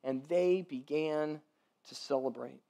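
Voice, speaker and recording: High-voiced man preaching casually. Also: takes it slowly, vocal fry, warm tone. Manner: conversational, with many "like" and "right?". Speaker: pastor. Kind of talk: sermon.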